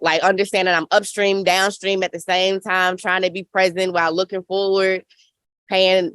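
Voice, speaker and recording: A woman's voice: low-pitched, fairly bright tone, no echo. A woman in her thirties with a Southern accent from Memphis, speaking passionately on a panel with a rhythmic, preacher-like cadence. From Memphis, Tennessee. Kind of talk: panel discussion. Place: outdoor hoop house on a farm.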